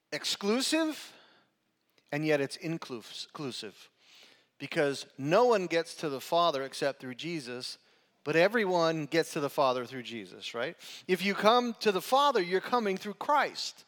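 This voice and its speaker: A man's voice: fairly high pitch, animated, measured pace, fairly bright tone. A man preaching a sermon as pastor, talking in a conversational way and often checking in with "right?". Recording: long hall reverb.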